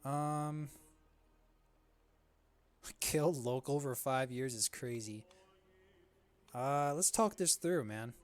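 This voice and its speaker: A man's voice: medium pitch, drawn-out words, long pauses. A young man giving casual, joking gameplay commentary and calling everyone "bro" in slang. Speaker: let's play gamer.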